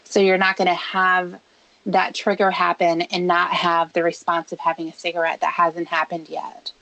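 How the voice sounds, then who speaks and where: A woman hosting a radio advice show, talking a caller through a habit in a calm, measured, coaching way. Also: on the low side, creaky, no echo, poor audio. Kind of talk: advice talk on a radio call.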